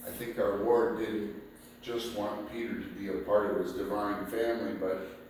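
Slow deliberate guy preaching, sounds far from the mic in a big echoey room, a little background hum. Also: fairly low pitch, level tone, darkish tone. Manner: slow, deliberate preaching, reading scripture aloud. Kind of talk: sermon. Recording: echoey room picked up from a distance.

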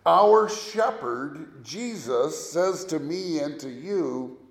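A man preaching a sermon as a pastor, speaking deliberately and leading his listeners through recited scripture. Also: a little high, expressive. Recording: echoey room.

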